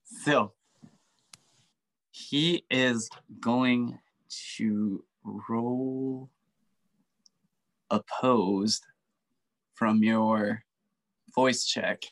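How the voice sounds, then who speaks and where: Bright-voiced man running a tabletop game. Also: medium pitch, very slow, long pauses. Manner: relaxed, joking rulings. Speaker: game master.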